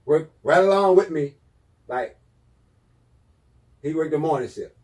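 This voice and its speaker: A man co-hosting a podcast in casual chat, telling an animated story that swings between loud and hushed. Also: fairly high pitch, unhurried, distant mic, poor audio. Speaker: podcast co-host.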